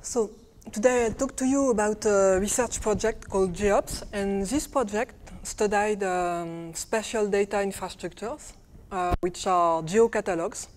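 A woman's voice: mid-range voice, a little slow, darkish tone, slight background noise. A woman with a French accent giving a technical conference talk, hesitant, with many fillers and restarts. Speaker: conference speaker. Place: conference room.

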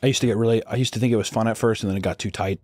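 A man's voice: on the low side, steady tone, very fast, darkish tone, husky, no echo, clean studio sound. A young man co-hosting a podcast, chatting casually and acting out the voices of people in his stories. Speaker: podcast co-host. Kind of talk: casual comedic chat.

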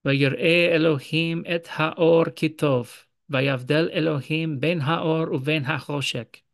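Gravelly-voiced man teaching ancient languages. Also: on the high side, fairly even intonation, dry recording, studio quality. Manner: measured, reads and recites verses in ancient languages. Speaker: professor teaching a Bible language study. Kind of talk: explanatory lesson.

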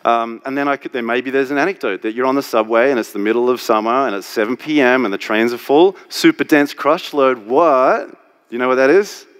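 A man's voice: medium pitch, brisk, clear, resonant tone. A man giving a candid, jokey live talk on stage, speaking into a stage microphone. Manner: candid, animated, jokey with the audience. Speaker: strategy speaker. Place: conference stage.

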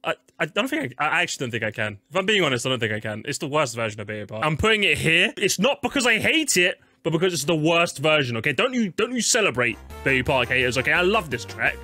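A young man doing casual live-stream commentary while ranking game tracks, swearing a lot and jumping into high-pitched squeals when annoyed. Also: very animated, fast, few pauses, sharp tone, no echo, studio quality. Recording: game music playing faintly behind.

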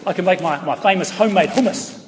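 Speaking fast in a high-pitched voice, a middle-aged New Zealand comedian spins stories in a chatty stand-up set, tossing playful asides to the audience. His stage mic runs through the PA of a large town hall, captured from afar in an echoey space with background noise and laughter from the crowd.

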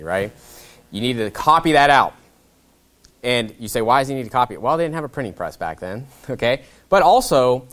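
A man, a pastor, preaching a sermon in a conversational way, often checking in with "okay?". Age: young adult to middle-aged. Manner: conversational preaching, wide swings in pitch and loudness, frequent "okay?".

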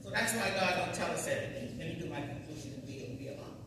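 A woman's voice: lowish voice, quick pace, noisy background. A woman teaching a Sunday school class in a church, talking in a folksy, emphatic, conversational way. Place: church hall. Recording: echoey church hall from far off.

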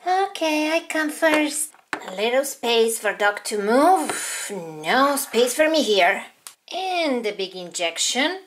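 A woman's voice: a little high, very animated, takes it slowly, a little hiss or hum. A woman voicing dolls in a toy-play video, in a childlike, sing-song way. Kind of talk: toy play with doll voices.

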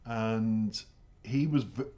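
A middle-aged Irish man hosting a music reaction channel, talking in a halting, emotional way with sighs as he tells a personal story. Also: on the low side, warm tone, lo-fi sound. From Ireland. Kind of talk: reflective reaction commentary.

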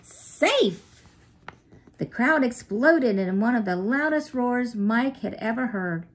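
A woman narrating a children's story in a steady, clear way. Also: a little high, measured pace, a little hiss or hum.

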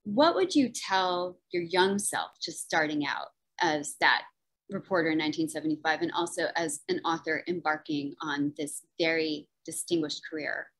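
Chatty enthusiastic woman hosting a zoom book event, lowish voice. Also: moderate pace, fairly bright tone, rough recording. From New Jersey. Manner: chatty and enthusiastic, lots of fillers. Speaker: event host and moderator. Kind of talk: moderating a virtual book event. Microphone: video call.

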